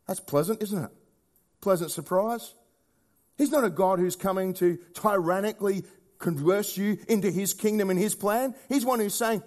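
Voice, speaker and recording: A man delivers a sermon conversationally at normal speed, often asking rhetorical questions. He swings between hushed, low lines and raised, emphatic ones.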